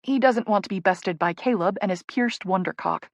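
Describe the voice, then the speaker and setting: A woman's voice: mid-range voice, normal speed, dry recording, clean studio sound. Woman narrating an intimate romance audiobook. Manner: intimate, playful. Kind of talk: first-person romance narration.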